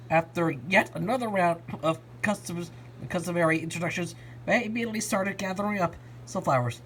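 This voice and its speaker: A woman reading a fan story aloud in an expressive storybook style. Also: on the low side, a little fast, a little hiss or hum. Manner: expressive, lively narration. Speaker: reader.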